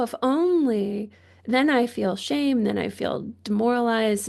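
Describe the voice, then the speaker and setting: In a creaky mid-range voice, a female physician muses during a podcast conversation. Her thoughtful, exploratory talk is marked by repeated restarts and soft chuckles.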